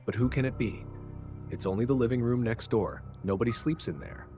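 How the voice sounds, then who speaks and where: A man's voice: mid-range voice, brisk, warm tone, soft background music, voice pushed up, natural voice. A man reads the part of an earnest, flustered male clerk who insists on being believed. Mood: insistent. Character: earnest, bewildered arrested bank clerk, a man.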